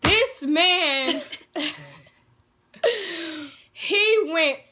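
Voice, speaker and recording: A young woman, telling a personal story in a casual storytime vlog, turning loud and excited. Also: very high-pitched, extremely slow, background noise. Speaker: vlogger.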